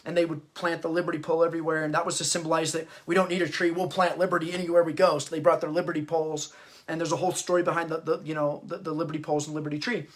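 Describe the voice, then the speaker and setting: A man's voice: fairly high pitch, flat delivery. A man hosting an unscripted history talk, impassioned and stirred up, often stopping and restarting mid-sentence. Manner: halting, often stops and restarts. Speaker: host and parenting author.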